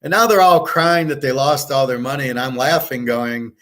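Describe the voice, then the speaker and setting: A man's voice: mid-range voice, normal speed, hardly any pauses, fairly bright tone. Brash, profane man ranting. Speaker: sports betting handicapper. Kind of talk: blunt monologue.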